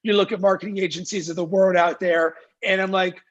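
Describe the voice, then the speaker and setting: A man's voice: sits high, steady tone, a little fast, few pauses, muffled recording. A man speaking as a guest in an interview, talking emphatically, firing rhetorical questions and acting out what clients say. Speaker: guest, marketing agency founder. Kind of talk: energetic interview talk. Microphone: video call.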